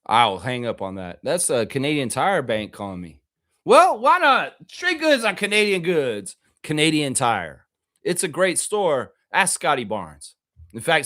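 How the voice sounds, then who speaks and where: A man hosting a live basketball podcast, chatting and joking in an animated way with his viewers. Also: medium pitch, no room sound, studio quality. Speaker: host of a basketball podcast livestream. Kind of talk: casual live commentary and chat.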